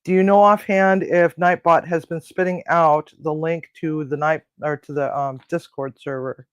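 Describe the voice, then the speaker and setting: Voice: mid-range voice, fairly even intonation, normal speed, smooth, no echo. A host chatting casually on a live cooking stream, talking to viewers and grumbling to themself while cooking in a home kitchen.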